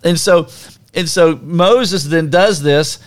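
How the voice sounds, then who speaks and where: A man co-hosting a podcast, telling a Bible story in a casual, animated way and acting out scenes with sound effects. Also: on the high side, slow. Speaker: podcast co-host. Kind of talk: casual conversational Bible teaching.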